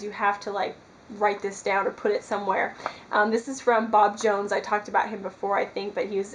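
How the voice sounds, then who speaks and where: A woman's voice: medium pitch, a little hiss or hum, low-quality recording. Earnest woman rambling to her camera about faith, lots of likes and ums. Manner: earnest, rambling, filler-heavy. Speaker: Christian vlogger. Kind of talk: casual devotional talk to camera. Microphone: camera mic.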